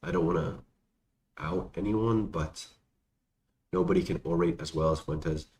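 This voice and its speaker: A man's voice: low voice, a little slow, darkish tone. A young man casually answering viewer questions, rambling and slangy with lots of fillers. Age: young adult. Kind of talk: casual Q&A chat. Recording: echoey room, faint background noise.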